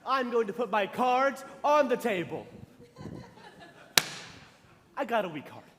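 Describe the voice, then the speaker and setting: A man's voice: very high-pitched, sing-song, measured pace, background noise, heavily acted. A young man playing a frantic, blustering producer. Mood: flustered. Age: teens. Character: frantic, nervous middle-aged male show producer. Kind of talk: stage musical acting. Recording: reverberant auditorium stage.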